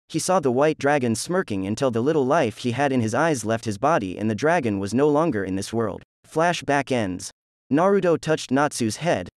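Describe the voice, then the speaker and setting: A man narrating a fan fiction story aloud in a flat, steady reading voice. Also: mid-range voice, no room sound, clean studio sound.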